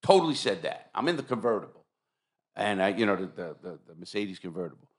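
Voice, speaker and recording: A man hosting a podcast, telling a story in casual chat, animated and profane, acting out what people said. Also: sits low, fast talker. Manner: profane, animated storyteller who acts out quotes. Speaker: podcast host.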